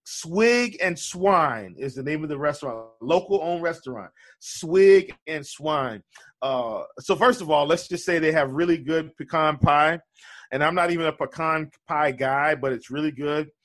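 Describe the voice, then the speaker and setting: A man's voice: fairly high pitch, unhurried, a bit bright. A man co-hosting a casual basketball betting podcast, talking in a loose way with fillers and restarts. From lives in Charleston area. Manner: conversational, hesitant fillers and restarts. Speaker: fantasy basketball podcast co-host.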